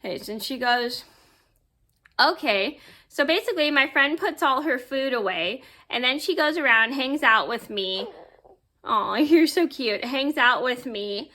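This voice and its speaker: A woman's voice: sits high, lively intonation, normal speed, few pauses, sharp tone. A woman vlogger telling a story to camera in a casual, rambling way with many fillers. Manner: rambling, filler-heavy, easily sidetracked.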